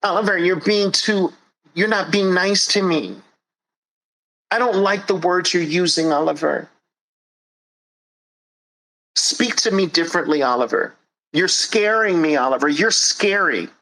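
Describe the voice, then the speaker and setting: A man mimicking a soft, easily offended adult who whines and pleads with him. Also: unhurried, pauses often, full character voice, rough recording. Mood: whining. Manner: whining, pleading, high-pitched complaining. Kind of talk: mocking impression in a monologue.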